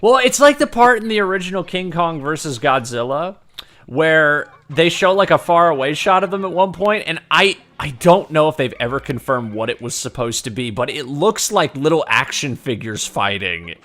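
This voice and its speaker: A man chatting casually while playing a video game, animated, swearing casually and laughing often. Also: fairly high pitch, moderate pace. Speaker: gaming video co-host. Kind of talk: casual chat.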